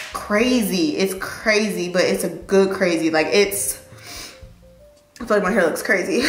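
A young woman chatting in a get-ready-with-me vlog, animated, slangy and emotional as she encourages her viewers. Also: medium pitch, roomy sound. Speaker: vlogger and lawyer.

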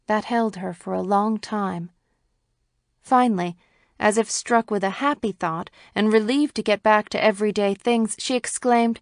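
A woman narrating a classic short story as an audiobook reader, in a measured, even storytelling manner. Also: mid-range voice, gravelly, no echo, clean studio sound. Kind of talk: scripted narration.

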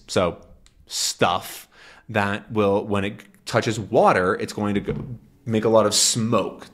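A male English teacher explaining a comic to learners in a relaxed way, with many "um"s and "right?"s. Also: fairly low pitch. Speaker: English teacher, channel host.

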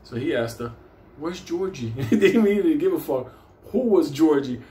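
A man tells a casual story in an animated way, swearing constantly and laughing throughout. His voice is a little high at a moderate pace, recorded with roomy echo and faint noise.

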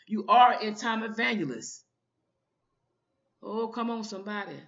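A woman's voice: medium pitch, normal speed, fairly bright tone, lo-fi sound. A woman minister giving an informal online sermon, fervent and often repeating her calls to the listener.

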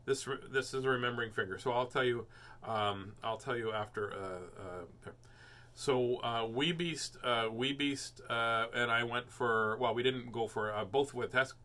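A man with a mid-range, bright, forceful voice speaks at an unhurried pace. He hosts a live read-aloud of a children's book, rambling and joking between pages with plenty of fillers and silly sounds.

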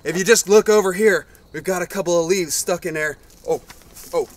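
A man playing an overblown wildlife explorer in a comedic mock nature documentary, talking with excitable bravado outdoors in the brush. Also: sits high, fairly quick. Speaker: spoof wildlife explorer host.

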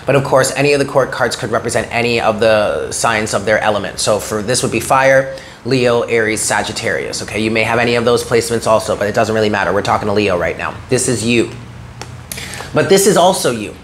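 A man's voice: fairly low pitch, fairly quick, fairly bright tone, slight background noise. A man giving a tarot reading, talking earnestly and encouragingly to the listener and often checking in with "okay?". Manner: frequent "okay?" check-ins. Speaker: tarot reader.

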